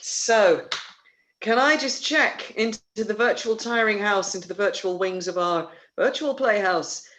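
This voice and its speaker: Speaking a little slowly, the theatre company host has a high voice with a sharp edge. His online livestream announcements, given over a video call, are casual and rambling, with frequent fillers and restarts.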